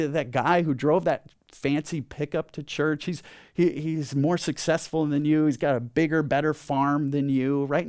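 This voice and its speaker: A man preaching a sermon in church, animated and emphatic, stammering into restarts and leading the congregation in repeating lines. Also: fairly high pitch, dry recording, studio quality. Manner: animated preaching, builds to emphatic lists, leads congregation call-and-response. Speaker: pastor. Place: church sanctuary.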